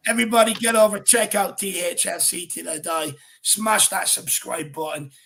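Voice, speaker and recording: A man's voice: sits high, normal speed, creaky, bright, forceful tone, a little hiss or hum. A man with an Irish accent hosting a football fan show, talking casually and energetically, calling people "my man" and "brother.".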